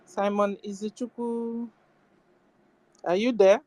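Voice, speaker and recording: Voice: mid-range voice, little pitch movement, slow, darkish tone, a little hiss or hum. A host moderating a live audio room, calling on speakers and urging them to speak up.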